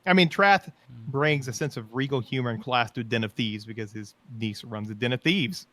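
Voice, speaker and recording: Bright-voiced man telling rambling stories. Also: medium pitch, normal speed, no echo. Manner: rambling, enthusiastic storytelling. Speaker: podcast co-host. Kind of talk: casual chat about roleplay.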